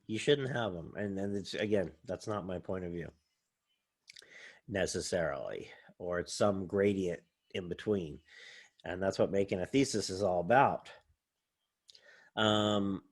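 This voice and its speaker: A man, a college English professor, giving a casual, rambling recorded lecture while sharing his screen, thinking aloud with many fillers. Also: lowish voice.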